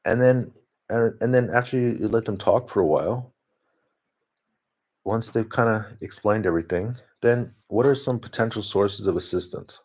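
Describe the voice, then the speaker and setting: A man's voice: lowish voice, normal speed, darkish tone. A man talking in a rambling, casual monologue, often laughing and restarting his sentences. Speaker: vlogger. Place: home, talking to his dog.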